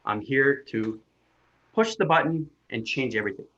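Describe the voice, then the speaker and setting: A man's voice: medium pitch, normal speed, fairly bright tone, muffled recording. Man, insistent healer explaining at length, jargon-heavy, lecturing tone. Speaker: spiritual healer answering questions. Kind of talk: lecturing in a casual chat.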